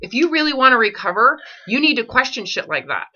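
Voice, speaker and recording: Woman, recovery coach: bright voice, blunt and confrontational, swears, keeps pressing questions; dull lo-fi audio. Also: fairly high pitch, sing-song, quick pace. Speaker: eating disorder recovery coach.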